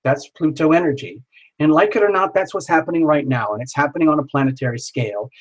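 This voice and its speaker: A slightly high-pitched man talks fast while hosting a tarot livestream. Playful and joking, he drops sing-song asides throughout, and the recording is low quality.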